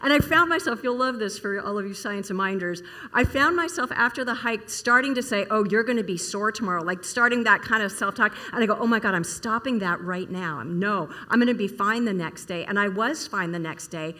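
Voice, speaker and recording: Bright-voiced woman giving a chatty sermon. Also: medium pitch, brisk. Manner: chatty, storytelling, asks the audience questions. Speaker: minister. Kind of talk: casual sermon to a congregation. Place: church service hall.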